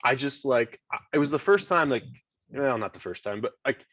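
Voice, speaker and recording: A man's voice: medium pitch, expressive, brisk, fairly bright tone, no room sound. Rambling man, dull dry recording. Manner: rambling, heavy "like" fillers, frequent restarts. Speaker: podcast guest, state government chief of staff. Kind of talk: casual interview storytelling.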